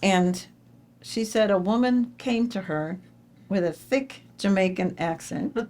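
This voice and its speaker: A woman giving an inspirational speech at an awards dinner, telling stories with sudden jumps in pitch and repeating phrases for emphasis. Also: takes it slowly, darkish tone. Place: dinner event hall.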